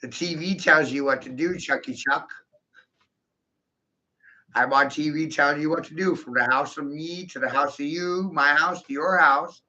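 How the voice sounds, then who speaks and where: A man in a profane, aggressive monologue, repeating himself and bursting into shouts. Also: fairly high pitch, normal speed. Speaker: monologuing video host. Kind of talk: ranting monologue to camera. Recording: dull lo-fi recording.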